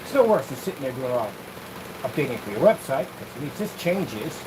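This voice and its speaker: A man rambling through a casual vlog while testing projection screen paint, animated, jokey and full of tangents. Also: medium pitch, fairly quick, noisy background.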